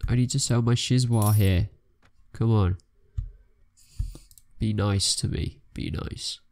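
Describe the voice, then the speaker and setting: Young gamer guy, lowish voice with some fry, rambly excitable commentary, keyboard clicking. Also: slow. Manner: chatty, self-narrating, excitable bursts. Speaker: let's play gamer. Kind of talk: casual gameplay commentary.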